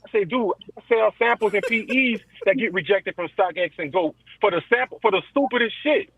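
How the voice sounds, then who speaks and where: High-voiced man telling a story, dry lo-fi sound. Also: fairly quick, vocal fry, no room sound. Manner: animated storytelling, repeats "I said". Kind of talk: casual livestream chat.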